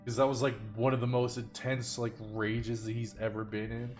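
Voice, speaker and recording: A man's voice: medium pitch, completely flat delivery, moderate pace, a little mellow, dull audio, soft background music. A man playing in a tabletop game, earnestly describing his character's feelings. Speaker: player. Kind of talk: casual tabletop chat.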